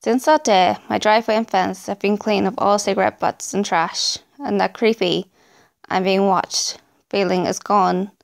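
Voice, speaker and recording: A woman's voice: mid-range voice, fairly even intonation, normal speed, vocal fry, hardly any pauses. A woman reading true creepy stories aloud in a dramatic storytelling manner. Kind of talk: scripted narration.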